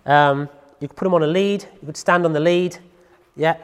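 A man's voice: fairly high pitch, fairly even intonation, moderate pace, clean tone, big-room sound. A man, a dog trainer explaining in a casual chatty way, full of tag questions. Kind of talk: casual instructional talk to camera.

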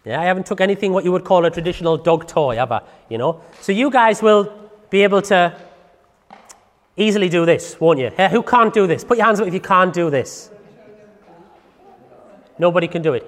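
A man's voice: high-pitched, animated, a little fast, big-room sound. A man, a dog trainer explaining in a casual chatty way, full of tag questions. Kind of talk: casual instructional talk to camera.

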